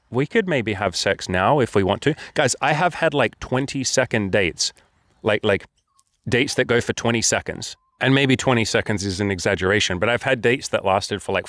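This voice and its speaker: A man's voice: fairly low pitch, fairly bright tone, no echo, studio quality. A man talking as a dating coach in a casual monologue, blunt, profane and candid, acting out quoted conversations. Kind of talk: casual straight-to-camera monologue.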